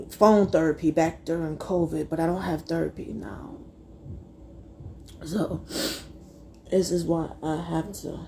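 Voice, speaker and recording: A young adult woman telling a personal story to her viewers, fighting back tears and speaking haltingly. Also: fairly low pitch, vocal fry, mellow, a little hiss or hum. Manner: tearful, halting, addresses viewers as y'all. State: close to tears. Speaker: vlogger.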